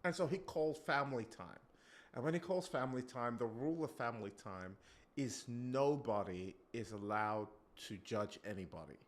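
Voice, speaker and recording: A male preacher giving an animated sermon, acting out quotes and breaking off to comment on himself. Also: mid-range voice, moderate pace. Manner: animated, acts out quotes, self-interrupting.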